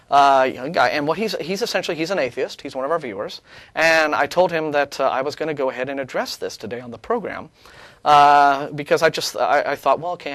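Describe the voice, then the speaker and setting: A man co-hosting a talk show speaks with sarcasm and lots of restarts. His pitch sits a bit high and moves up and down a lot. The room sound is dry and close. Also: dry recording. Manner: animated, sarcastic, many restarts. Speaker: co-host. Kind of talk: casual studio discussion.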